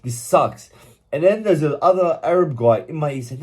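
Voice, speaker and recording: Young aussie guy, husky voice, blunt and sweary, just venting his story to camera. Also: fairly high pitch, lively intonation, moderate pace. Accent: Australian. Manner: blunt, swears freely, vents openly. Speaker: vlogger. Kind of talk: candid personal storytelling.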